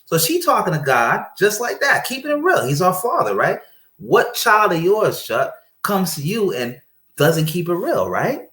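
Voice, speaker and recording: A man talking casually about marriage and faith, telling stories and acting out quoted speech with lively energy. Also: sits high, unhurried. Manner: animated storyteller, acts out quoted speech. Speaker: guest speaker on marriage. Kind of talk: casual conversational preaching. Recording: roomy echo.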